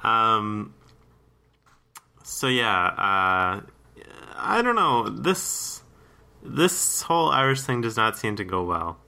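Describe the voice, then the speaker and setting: A Canadian man co-hosting a casual podcast chat, animated and quick to laugh. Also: lowish voice, gravelly. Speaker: podcast co-host.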